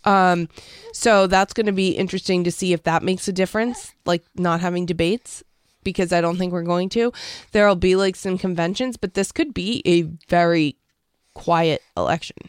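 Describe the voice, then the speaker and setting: A woman's voice: lowish voice, moderate pace, clear, resonant tone, dry recording. A woman co-hosting a podcast, chatting casually and easily, hedging her points with filler words. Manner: easygoing, laughs along, hedges with filler words. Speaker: podcast co-host. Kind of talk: casual political chat.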